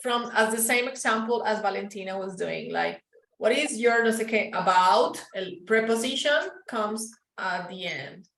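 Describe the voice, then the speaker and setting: A woman with a Paisa Colombian accent leads an English class. She explains patiently and says sounds over and over for her students, often switching to Spanish. Her voice is mid-pitched and carries a roomy echo. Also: normal speed, vocal fry, a bit bright. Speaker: English teacher.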